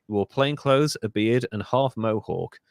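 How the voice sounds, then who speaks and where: A man's voice: lowish voice, lively intonation, measured pace, gravelly, no room sound, clean studio sound. A Welsh man hosting a podcast, telling a true-crime story in a casual way with asides and self-corrections. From Wales. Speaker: podcast host.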